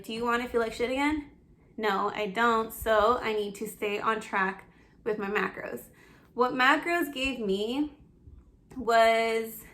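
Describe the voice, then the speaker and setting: A woman's voice: fairly high pitch, pushed and bright. A young adult woman telling her personal fitness story to camera, candid and emotional, laughing through tears and acting out her own self-talk. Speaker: fitness vlogger.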